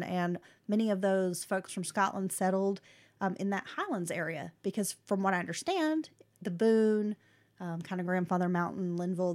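A woman co-hosting a casual chat, telling a story in a relaxed way with frequent fillers and restarts. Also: medium pitch.

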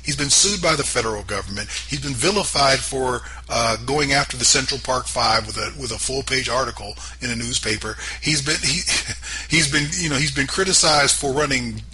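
A man's voice: medium pitch, lively intonation, a little fast, sharp tone, slight background noise, rough recording. A man hosting a political commentary show, talking emphatically and firing off sarcastic rhetorical questions. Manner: sarcastic, mocking asides. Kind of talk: opinionated political commentary monologue.

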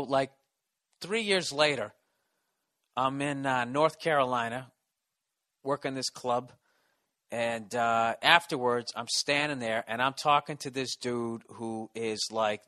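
A man's voice: mid-range voice, measured pace, pushed and bright. A man, a stand-up comedian, telling a story in a casual, rambling way, swearing constantly and restarting his sentences.

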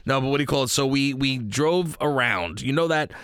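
A man in casual chat, rambling through an animated story, quoting himself and others along the way. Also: mid-range voice, brisk, clear, resonant tone, no echo, clean studio sound.

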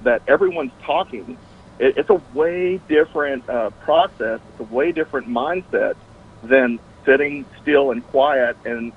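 A man's voice: medium pitch, slightly rough. Man talking over a tinny phone line. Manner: halting, many restarts and fillers. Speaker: guest on a faith talk show. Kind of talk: casual conversational interview.

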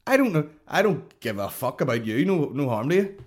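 A young man hosting a comedy podcast, telling a story in a profane, animated rant full of fillers. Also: fairly high pitch, fairly quick.

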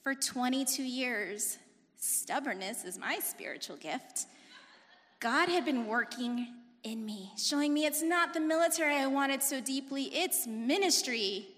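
Fast-talking woman testifying in a reverberant church. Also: fairly high pitch. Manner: fast-talking, animated storyteller; emphatic, rising to forceful intensity. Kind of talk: personal testimony talk. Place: church sanctuary. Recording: long reverb of a large hall.

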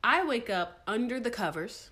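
Young woman, podcast co-host, animated and swearing, pitch swings wide, sits a bit high. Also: normal speed. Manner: animated, profane, laughing storyteller. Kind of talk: casual storytelling chat.

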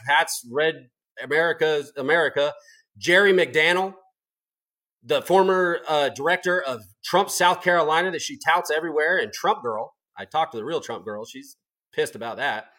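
A man's voice: on the high side, bright, forceful tone. Profane, combative man ranting. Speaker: political talk show host. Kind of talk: fired-up political rant.

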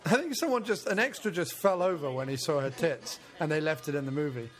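A man's voice: on the high side, expressive, fast. A man riffing crudely and playfully over a film, often slipping into silly voices.

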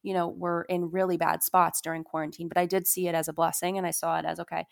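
A young woman with a gravelly, slightly low voice speaks candidly in an interview. She tells her story in a confessional, unpolished way, leaning on "you know" and "like" as she goes. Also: level tone, quick pace. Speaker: musician guest.

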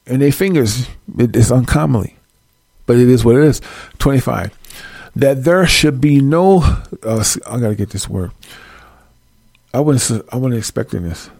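A man leading a casual Bible study, reading verses and chatting straight at his viewers in a folksy, animated way. His voice is gravelly with a lot of fry, and the recording is close and dry. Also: mid-range voice, normal speed, long pauses, dry recording. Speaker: Bible teacher.

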